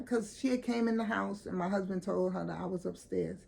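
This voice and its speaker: Brief: a blunt woman vlogger with a gravelly, warm tone, telling a story straight and unfiltered. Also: medium pitch, fairly quick. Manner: candid, emphatic, repeats and restarts, swears. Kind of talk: casual storytime vlog.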